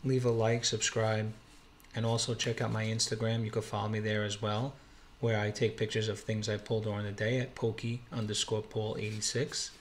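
A man's voice: lowish voice, monotone, normal speed, slight background noise. Thrilled man opening trading cards. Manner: thrilled, exclamatory, calls out cards. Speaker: card-opening YouTuber. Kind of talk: excited pack-opening vlog. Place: home, quiet room.

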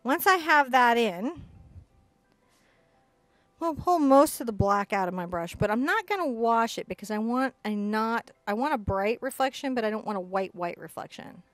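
A woman teaching an acrylic painting lesson, chatty and excitable, often bursting into giggly enthusiasm. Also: a little high, moderate pace, no echo. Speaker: art instructor.

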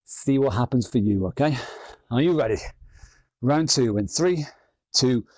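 A man's voice: medium pitch, animated, measured pace, darkish tone, no room sound. A man leading an online workout class, counting down rounds and encouraging people in an upbeat way. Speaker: fitness instructor.

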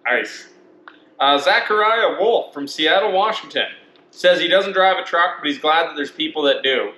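A man hosting a casual chat, upbeat, thanking supporters with quick asides. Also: fairly high pitch, lively intonation, sharp tone. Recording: echoey room with faint noise.

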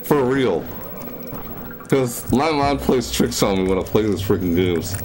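A man's voice: unhurried, soft background music, rough recording. A young man narrating a horror game as he plays, scared and jittery, talking to himself and yelping at sudden noises. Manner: jumps into high yelps when startled. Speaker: gaming YouTuber. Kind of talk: horror game let's play commentary. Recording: steady background noise.

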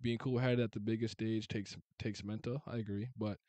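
A man hosting a casual sports chat, blunt and animated, swearing freely and restarting his sentences. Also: fairly low pitch, normal speed, no room sound.

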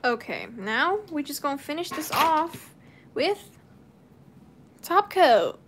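Young woman doing nails on a live stream, kinda high voice, laughs a lot. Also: sing-song, slow, background noise. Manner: chatty, laughs often. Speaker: nail artist streamer. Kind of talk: casual live stream chat.

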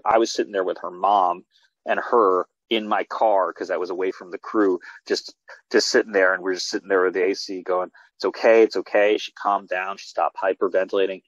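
A man with a fairly low, husky voice talks as a filmmaker guest in a casual interview. He tells his stories animatedly, restarting phrases as he goes. The sound is dry and dull, like video-call audio. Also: dry recording. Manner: animated storytelling with many restarts.

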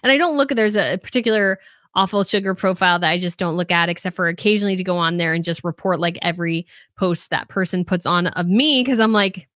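A woman's voice: fairly low pitch, fast talker, fairly bright tone, dry recording, muffled recording. Woman, live stream host, casual chat, laughs often, reads comments aloud, dry close sound. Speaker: host of a royal news channel.

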